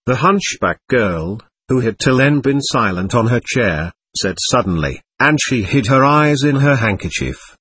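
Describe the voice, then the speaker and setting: A man narrating an audiobook in a husky voice, with lively, expressive pitch. The sound is dry and close, with no room around it. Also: normal speed, no room sound. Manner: expressive reading. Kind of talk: scripted narration.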